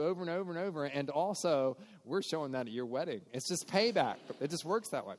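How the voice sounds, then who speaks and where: Guy giving a sermon, kinda high voice for a man, talks earnest and casual, big echoey church hall. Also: quick pace, few pauses. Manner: earnest and conversational, with restarts and quoted voices. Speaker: pastor.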